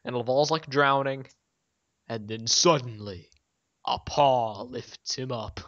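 A man's voice: medium pitch, slow pace, a bit bright, dry recording. A man talks through a cartoon episode in loose, rambling chat, laughing often as he quotes the characters. His voice sits in a middle range. The recording is dull and lo-fi, close and dry, with no room around it. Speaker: show co-host. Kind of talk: casual episode recap chat.

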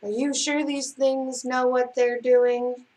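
A woman reading aloud gives voice to an anxious little girl in a children's storybook, fretting and protesting. The voice is high and unhurried. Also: flat delivery, a little mellow. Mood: worried.

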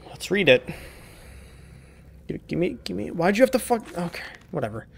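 A young man narrating his gameplay in a loose, profane, sarcastic way, mocking the notes as he reads them aloud. His voice sits a bit high for a man. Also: very animated, moderate pace, gravelly, long pauses, husky. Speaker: let's play gamer. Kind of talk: let's play commentary.

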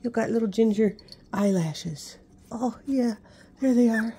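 A woman's voice: fairly high pitch, normal speed, gravelly, dark tone, slight background noise. A woman vlogging as a pet owner, chatting casually to her puppy in gushing baby talk.

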